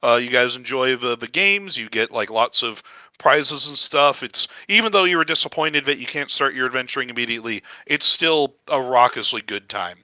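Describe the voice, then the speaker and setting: A man's voice: medium pitch, normal speed, bright, forceful tone, no room sound. A man narrating a tabletop game as game master, describing the scene in loose, meandering sentences.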